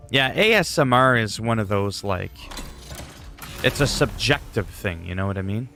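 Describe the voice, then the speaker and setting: Low, gravelly goofy streamer guy. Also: animated, normal speed, pushed and bright, soft background music. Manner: rambling, goofy, self-deprecating. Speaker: gaming livestreamer. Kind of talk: casual livestream chat.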